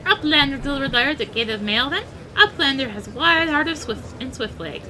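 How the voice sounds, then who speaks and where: A woman's voice: high-pitched, animated, brisk, sharp tone, a little hiss or hum, pitched above the performer's own voice. A woman voicing a cheerful little goblin who talks in broken, childlike grammar.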